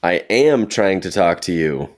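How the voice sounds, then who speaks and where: A man voicing a cautious adventurer who questions a captive slowly and deliberately. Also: sits low, very animated. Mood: firm.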